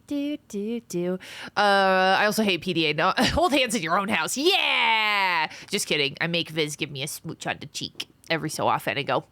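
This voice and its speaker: A young woman streamer chatting casually with her viewers, thanking supporters and answering chat with animated exclamations. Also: fairly low pitch, no echo.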